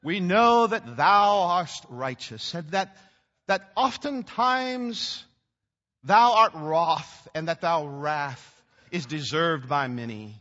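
A man voicing a pompous man who prays in stiff, old formal words, slow and solemn. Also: fairly high pitch, lively intonation, sharp tone, big-room sound, dull audio, heavily acted.

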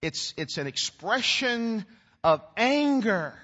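Emphatic male preacher with a lively, swooping voice, dull recording. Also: high voice, takes it slowly. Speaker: pastor. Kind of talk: sermon. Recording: dull recording with long hall reverb.

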